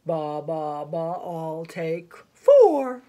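A woman voicing a greedy male billy goat in a sung children's storybook, with a low bleating sing-song. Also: big pitch swings, very slow, dark tone, full character voice.

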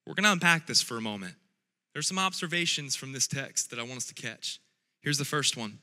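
A man's voice: mid-range voice, fairly quick. Man preaching in a reverberant hall. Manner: builds from quiet scripture reading to shouted repeated calls. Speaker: pastor. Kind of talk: sermon.

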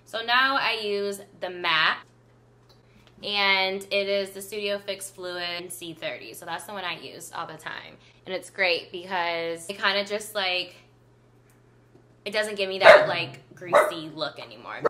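A woman's voice: fairly low pitch, a little slow, pushed and bright. A young woman chatting casually through a makeup routine as a beauty vlogger, full of filler likes. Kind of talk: casual makeup tutorial chat.

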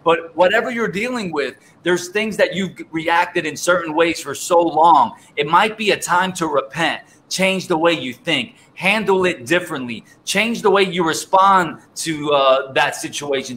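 A man hosting a casual faith livestream, telling animated stories, laughing often and repeating words. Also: fairly high pitch, moderate pace, hardly any pauses, slight background noise, poor audio. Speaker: host.

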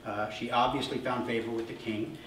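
A man's voice: medium pitch, flat delivery, brisk, a bit bright, distant mic, a little hiss or hum. A male pastor giving a casual sermon, retelling a story with humorous asides. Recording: echoey church hall, mic from afar.

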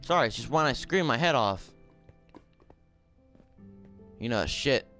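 A man giving casual gameplay commentary, swearing and shouting in frustration, then talking softly to his in-game pet. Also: medium pitch, animated, measured pace, soft background music.

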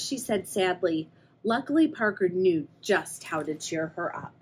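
A young woman reads a picture book to children with a very lively, swooping delivery, pausing to quiz her listeners. Her pitch sits in a middle range for a woman, and a faint room hiss runs behind her. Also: low-quality recording. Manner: animated, questioning the young listeners. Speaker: children's librarian reading a story. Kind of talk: read-aloud storytime for kids.

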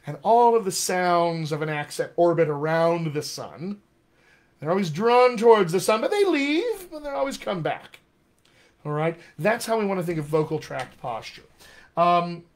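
A man working as a dialect coach, teaching a live session from a home room in a chatty, animated way and talking straight to his viewers. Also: a little high.

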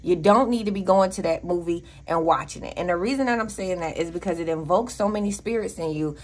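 A woman's voice: fairly low pitch, quick pace. A woman with a Southern US accent giving a casual tarot reading, blunt and profane, with preachy asides. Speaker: tarot reader.

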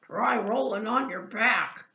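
A woman putting on a helpful male pig, gruff and snorting, with her voice pushed lower than her own. The storybook reading comes through dull and lo-fi. The room adds a clear echo. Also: slow pace, distant mic. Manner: snorting, low. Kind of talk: storybook read-aloud. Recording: echoey room, dull lo-fi sound.

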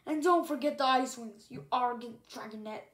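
A woman's voice: sits high, moderate pace. A woman doing a growling male dragon. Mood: warning. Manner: growling, warning.

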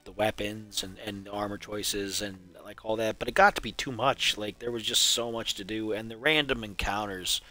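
A man's voice: fairly low pitch, steady tone, moderate pace, hardly any pauses, bright, forceful tone, faint music behind. A man giving wry, rambling running commentary while he streams a game. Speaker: streamer playing through a game marathon. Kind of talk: casual live-stream commentary.

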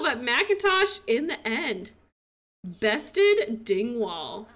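Excitable, bright-voiced woman gamer. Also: on the high side, a little slow. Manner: excitable, cheering and laughing. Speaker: gaming video creator. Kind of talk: casual game commentary.

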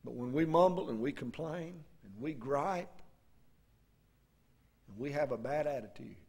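A man preaching a sermon in a folksy way, asking the congregation questions and reading scripture slowly and emphatically. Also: mid-range voice, animated, vocal fry, a little mellow, slightly rough.

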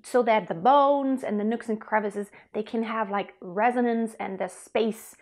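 A woman's voice: a little high, a little slow. A young woman teaching a singing lesson, explaining technique and sometimes singing short demonstration notes. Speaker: vocal coach.

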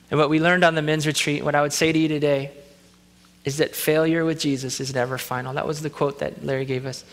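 A man's voice: fairly high pitch, little pitch movement, brisk, fairly bright tone, long reverb tail. A man pastor preaching a sermon, in an earnest, conversational way.

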